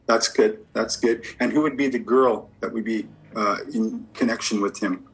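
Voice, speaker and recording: A man's voice: fairly low pitch, steady tone, normal speed, breathy edge, rough recording. A man working as a medium and giving a spirit reading. He asks a string of short yes-or-no questions and answers each reply with "okay, perfect.".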